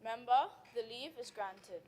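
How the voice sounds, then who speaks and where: A woman acting as presiding officer, chairing proceedings in a formal, steady, procedural manner. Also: fairly high pitch, measured pace.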